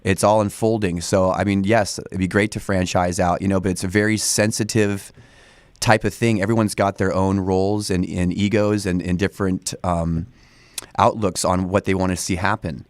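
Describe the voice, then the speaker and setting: A man in his forties with a very low voice talks in a loose, rambling way, full of fillers and restarts. He is recorded close on a dry studio mic with no room sound. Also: flat delivery, moderate pace, no echo. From Northern California. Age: 40s. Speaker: studio guest. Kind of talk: casual interview talk. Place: radio studio.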